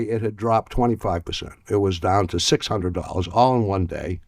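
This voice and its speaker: An older man spins a long anecdote with dry humor. He stumbles and repeats words as he goes, and his fairly low voice sits close and dry on the mic. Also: normal speed, no room sound. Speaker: guest in archive clip. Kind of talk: storytelling anecdote.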